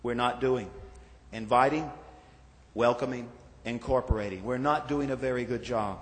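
A male pastor preaching a sermon, slow and measured, stressing lists of words with falling endings. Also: medium pitch. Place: church sanctuary. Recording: reverberant church sanctuary.

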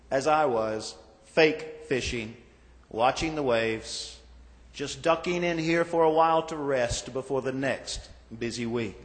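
A male pastor preaching a sermon, slow and measured, stressing lists of words with falling endings. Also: on the high side, fairly bright tone. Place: church sanctuary. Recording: reverberant church sanctuary.

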